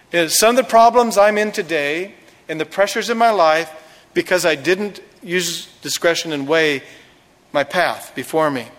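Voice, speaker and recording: A man's voice: sits high, fairly bright tone, in a large hall. Man preaching a folksy sermon. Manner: folksy storytelling with jokes. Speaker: pastor.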